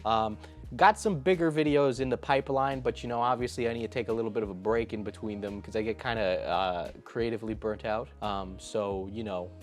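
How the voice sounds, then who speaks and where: A man's voice: fairly low pitch, fairly quick, faint music behind. A young man giving comedic reaction commentary in an exasperated, sarcastic, ranting manner. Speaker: YouTube commentator.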